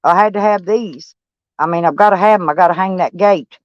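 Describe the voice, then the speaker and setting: A woman's voice: fairly low pitch, fairly quick, no room sound. Older woman, blunt and profane, rambling vlog talk, muffled and dry recording. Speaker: van-life vlogger. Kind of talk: casual rambling talk to camera.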